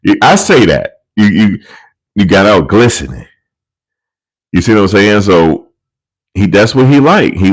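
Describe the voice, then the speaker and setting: The audio is poor, and the man's voice is low-pitched. He hosts a casual celebrity commentary channel, spinning rambling, profane, amused tales at a desk USB microphone.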